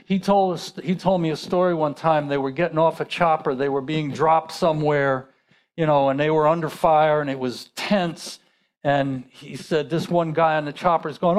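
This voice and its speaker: A man's voice: on the high side, steady tone, normal speed, smooth. A male pastor preaching a sermon in a conversational way, asking rhetorical questions.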